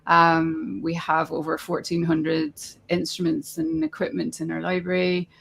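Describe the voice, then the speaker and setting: A woman's voice: low-pitched, monotone, a little slow, creaky, a bit bright, a little hiss or hum. A woman from a music charity, talking casually in an interview with lots of fillers. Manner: chatty, loose, with fillers. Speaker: charity representative.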